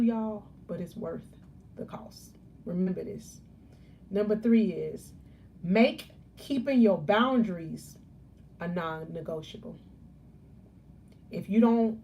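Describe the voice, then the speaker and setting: A woman life coach giving a live motivational talk, preachy and emphatic, repeating key phrases and stressing words slowly. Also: a little high, darkish tone, a little hiss or hum.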